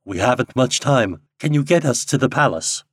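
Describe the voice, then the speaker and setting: A man's voice: mid-range voice, expressive, moderate pace, breathy edge, dry recording, clean studio sound, pitched above the performer's own voice. A man doing a bold, commanding adventurer. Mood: brisk. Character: tall bold male adventurer, fierce and determined.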